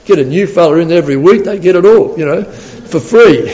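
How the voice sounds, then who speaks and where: A man's voice: a little high, lively intonation, brisk, darkish tone, in a large hall, dull audio. A man preaching a sermon in a chatty, storytelling way, laughing often and repeating words as he goes.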